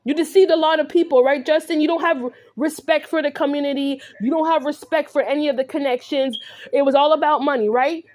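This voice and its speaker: A woman's voice: high voice, brisk, a little mellow. A woman in an angry, confrontational rant to the camera, repeatedly asking "right?". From California. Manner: confrontational, repetitive, peppered with "right?". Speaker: vlogger.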